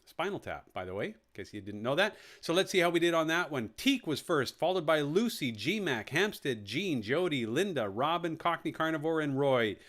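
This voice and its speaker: A man hosts a live quiz, reading out each question and its four answer options and then repeating them. He drops jokey asides between questions. His voice sits fairly high and swings up and down a lot. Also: sing-song, normal speed, few pauses, fairly bright tone. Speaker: quiz host. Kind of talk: live online quiz hosting.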